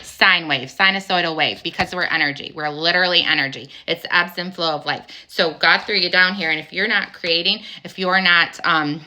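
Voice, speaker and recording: A woman's voice: lowish voice, moderate pace, few pauses, pushed and bright. A woman delivering an angry, emphatic spiritual monologue, firing rhetorical questions and swearing casually. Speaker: spiritual vlogger.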